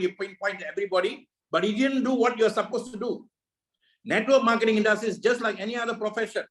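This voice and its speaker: A fast-talking man with a high voice runs a network marketing video call, heard through a rough recording. He preaches motivation at his audience, leaning heavily on repeated rhetorical questions.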